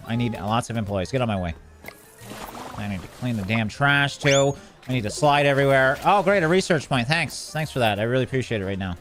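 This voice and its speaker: A man's voice: mid-range voice, animated, normal speed, a bit bright, faint music behind. Exasperated man commenting on gameplay. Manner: joking, exasperated, talks to game characters. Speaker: gaming video creator.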